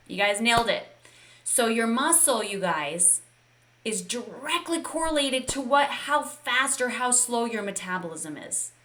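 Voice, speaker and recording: A woman's voice: on the high side, bright, forceful tone. A woman fitness coach leading a live online session, upbeat and encouraging and talking straight to her viewers.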